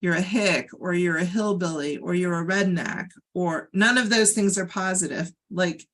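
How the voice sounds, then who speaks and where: A woman's voice: on the low side, normal speed, a bit bright. A woman co-hosting a podcast, chatting casually and thinking aloud with fillers. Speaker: podcast co-host. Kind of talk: casual chat.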